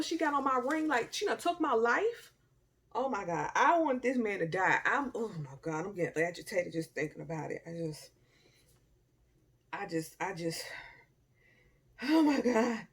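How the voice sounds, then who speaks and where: Animated young woman telling a story. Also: brisk. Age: young adult. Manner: animated, dramatic, swings from loud outbursts to low murmurs; informal Southern-style slang and asides. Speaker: storytime vlogger. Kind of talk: casual storytelling to camera.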